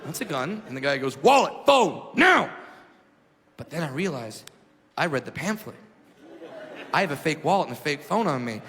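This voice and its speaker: A man performing a stand-up comedy set on a club stage, loud and animated, shouting his punchlines. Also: on the high side, brisk, pauses often. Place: comedy club stage before a live audience. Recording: reverberant club with crowd laughter.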